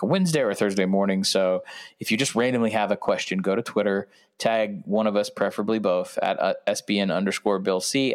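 A man co-hosting a sports podcast, chatting casually in a rambling, self-interrupting way. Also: fairly low pitch. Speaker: podcast co-host.

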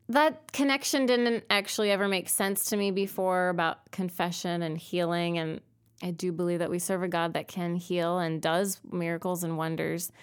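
Earnest young woman with a gravelly low voice. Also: steady tone, moderate pace. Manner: earnest, emotional storytelling. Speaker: interview guest, singer. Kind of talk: testimony interview.

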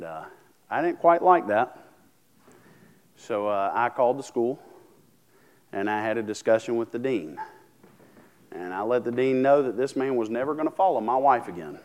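A man's voice: fairly low pitch, smooth. A man preaching a sermon, talking casually, asking the congregation questions and restarting his sentences. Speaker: pastor.

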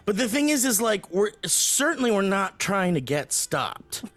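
A man with a high voice that swings up and down. He is co-hosting a podcast, talking in an unhurried, goofy way and laughing a lot. The sound is dry and close. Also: very animated, fairly bright tone, dry recording. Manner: goofy, laughing, tries silly put-on accents. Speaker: podcast co-host. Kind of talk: casual chat.

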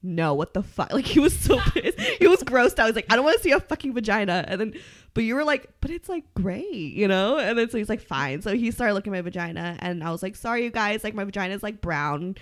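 A bubbly young woman hosts a casual chat, a little tipsy and laughing often. Her voice swoops up and down with lively pitch as she acts out her own stories. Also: fast. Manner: bubbly, laughing, quotes herself in dialogue. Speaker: podcast host.

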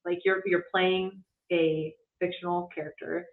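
A young woman from Michigan, a singer-songwriter, chats as a podcast guest. She wanders through her thoughts with plenty of "like" and "um". Her fairly low voice comes through thin and phone-like, with echo from the room around her. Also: little pitch movement, unhurried. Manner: rambling, lots of filler likes. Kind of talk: casual interview chat.

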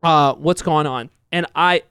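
Give me a high-pitched young man, casual and rambling, recorded dry and close. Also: a little slow, fairly bright tone, clean tone, dry recording. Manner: rambling, laughs often, swears. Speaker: podcast co-host. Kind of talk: casual storytelling.

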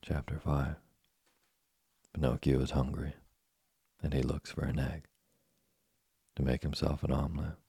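A man narrating a classic tale as a sleep story reading, with a slow, soothing, even delivery. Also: a bass voice, gravelly, husky, no room sound, studio quality.

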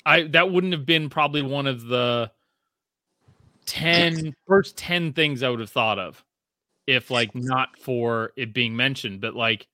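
A man in his thirties co-hosting a casual sports podcast, telling stories with lots of swearing and climbing pitch when he gets excited. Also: measured pace, no room sound, clean studio sound. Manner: animated storyteller, swears freely, rising pitch when excited. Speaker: podcast co-host.

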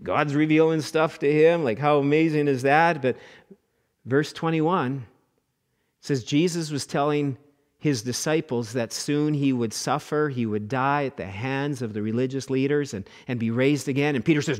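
A middle-aged man preaching a sermon as pastor, animated, acting out quoted voices and repeating words as he goes. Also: medium pitch, normal speed.

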